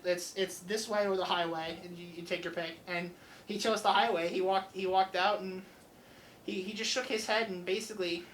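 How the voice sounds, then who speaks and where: A man's voice: sits high, a little hiss or hum, low-quality recording. A young man hosting student radio, animatedly retelling a story and acting out the dialogue. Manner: animated, acts out customer dialogue. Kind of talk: casual storytelling.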